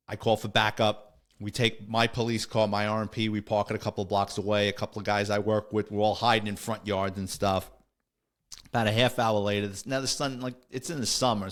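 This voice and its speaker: A man's voice: lowish voice, steady tone, brisk, a bit bright. A man, a podcast host and former police officer, telling a war story in a blunt, streetwise, matter-of-fact way. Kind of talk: casual storytelling.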